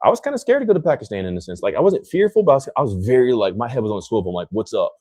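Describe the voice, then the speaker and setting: In a racing, sing-song delivery, a young American podcast host chats casually, rambling and packing his speech with "like." His voice is mid-range and dark in tone, with no room sound.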